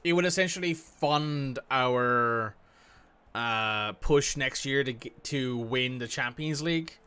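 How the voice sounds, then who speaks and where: A man's voice: mid-range voice, slow, pushed and bright, smooth. A man casually commenting as he plays a football management game, thinking aloud and reacting to the match. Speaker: gaming streamer. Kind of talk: casual let's-play commentary.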